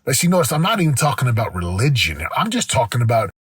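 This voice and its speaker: A man's voice: medium pitch, big pitch swings, fast talker, fairly bright tone, slightly rough, dry recording. A man hosting a motivational podcast, telling a personal story in an earnest, rambling way with many restarts. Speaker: podcast host.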